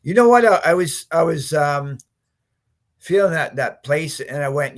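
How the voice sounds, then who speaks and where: A man in his fifties, a podcast guest, telling his story in a lively way, acting out what he and others said, with frequent laughs. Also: a little high, a little slow. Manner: animated storyteller, acts out his own quotes, laughs often. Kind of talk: storytelling interview.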